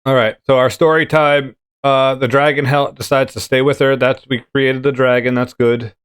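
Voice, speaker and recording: A man hosts a relaxed gaming chat show, wandering from thought to thought with plenty of fillers and restarts. His voice is smooth and resonant, recorded close and dry with no room sound. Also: medium pitch, moderate pace, no echo. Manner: rambling, with many fillers and restarts. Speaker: podcast host. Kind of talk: casual chat.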